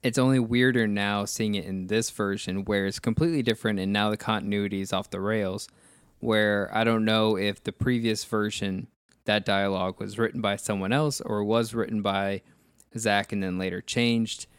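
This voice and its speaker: Guy co-hosting a movie podcast, lowish smooth voice, lots of questions and restarts. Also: fairly even intonation, normal speed, dry recording, studio quality. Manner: rambling, questioning, many restarts. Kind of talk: casual movie discussion.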